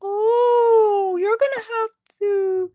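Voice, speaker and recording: A woman voicing a fussy female orc receptionist in a toy story, with loud, very high, shrill exclamations. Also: fairly even intonation, very slow, dry recording, exaggerated voice. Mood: officious.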